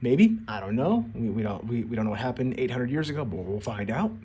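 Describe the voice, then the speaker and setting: A man's voice: medium pitch, sing-song, a little fast, a little mellow, husky. A man giving casual video commentary on an anime, rambling and restarting his words as he acts out quotes.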